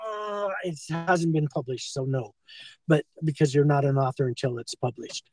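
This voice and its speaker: An older American man, a former school teacher being confronted, is filmed on a handheld phone in a low-quality recording. His voice sits on the high side with a darkish tone at normal speed, and he rambles in long stretches, tagging on "okay" and "and so forth."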